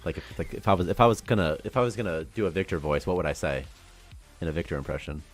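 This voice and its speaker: Deep-voiced fast-talking young man streaming. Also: expressive, faint music behind. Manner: rambling, quick, chatty, laughs often. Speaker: programmer and stream host. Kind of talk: casual game dev livestream chat.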